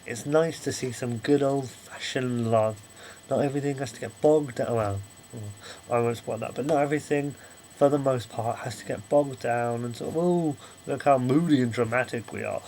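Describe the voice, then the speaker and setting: A young man talking straight to camera in a casual vlog review. He rambles and apologizes, restarting his thoughts often, in a middle-pitched voice with some faint noise behind him. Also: fairly even intonation, normal speed, warm tone, rough recording. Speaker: video reviewer.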